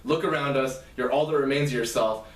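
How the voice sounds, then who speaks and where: A man's voice: medium pitch, brisk, natural voice. A man reading the lines of a ruthless, mocking young woman in a story he retells, in a plain quoting voice. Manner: plain read-aloud quoting. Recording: roomy, distant mic.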